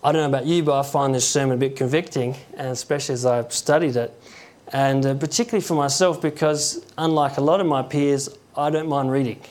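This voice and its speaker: Man, conversational preacher, halting delivery, acts out stories. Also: medium pitch, steady tone, a little mellow. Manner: conversational, halting, with chuckles and acted quotes. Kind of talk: informal sermon.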